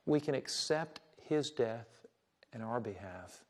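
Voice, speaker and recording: A man's voice: medium pitch, lively intonation, slow, a little mellow. A man hosting a religious program, preaching and telling a story in an earnest, sermon-like way. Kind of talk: televised sermon-style teaching.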